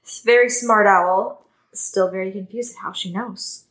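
A woman's voice: medium pitch, steady tone, measured pace, a bit bright, rough recording. A young woman co-hosting a podcast, chatting casually about a book with lots of filler words. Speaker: podcast co-host.

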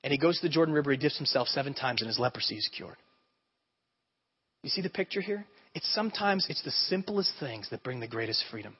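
A man's voice: mid-range voice, lively intonation, fast talker, slightly rough. A male pastor preaching a sermon in a conversational way, often checking in with his listeners. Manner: conversational, repeatedly checks in with "okay?". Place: church sanctuary. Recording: dull sound with long hall reverb.

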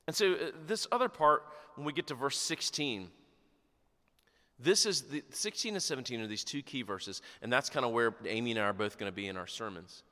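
A man pastor preaching a sermon, animated and sarcastic, acting out quotes as he goes. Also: medium pitch, a little fast, big-room sound.

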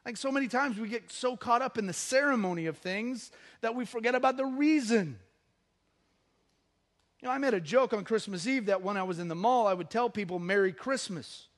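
Male pastor, high voice, animated storyteller mid-sermon in church. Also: brisk. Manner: animated storytelling, acting out the people in his stories. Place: church service.

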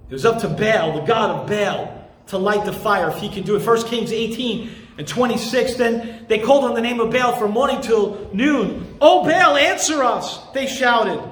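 An impassioned male pastor delivers a sermon in a very high voice. He stresses his points hard and at times rises to shouts. His voice rings in an echoey room. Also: moderate pace. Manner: impassioned, emphatic, rising to shouts.

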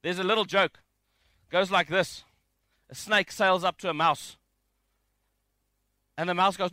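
A man giving a conversational sermon from home, reading scripture and mixing in jokes with an animated delivery. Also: high voice, unhurried, long pauses, no echo. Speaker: preacher. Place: home, during isolation.

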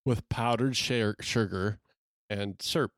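A man's voice: on the low side, a little slow, no echo, clean studio sound. A man co-hosting a podcast in an easygoing, rambling, self-deprecating way. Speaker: podcast co-host. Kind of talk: casual chat.

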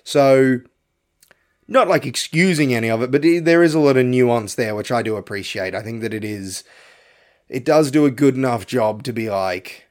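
A man's voice: medium pitch, moderate pace, darkish tone. Blunt, swearing man. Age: young adult to middle-aged. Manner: profane, rambling, blunt. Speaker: podcast host. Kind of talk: casual film review rant.

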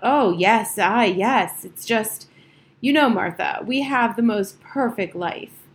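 A woman's voice: medium pitch, takes it slowly, natural voice. A woman voicing a smug, self-satisfied adult woman who gushes about her perfect life, in an audiobook reading. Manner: gushing, pleased with herself.

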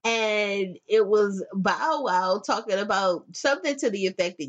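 Profane, animated middle-aged woman ranting. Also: mid-range voice, measured pace, hardly any pauses. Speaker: podcast host. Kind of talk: casual opinionated monologue.

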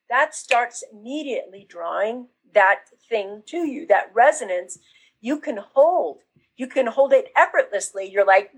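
A woman business coach talking casually in an interview, acting out excited reactions as she explains. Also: fairly high pitch, normal speed, breathy edge, poor audio. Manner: animated, acts out quoted reactions.

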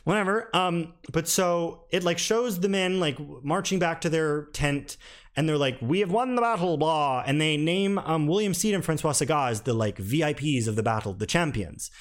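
Frank, rambling man with a slightly high voice. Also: moderate pace. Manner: frank and rambling, with many restarts and "like"; candidly critical, mildly exasperated. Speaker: film reviewer. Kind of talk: casual spoken review.

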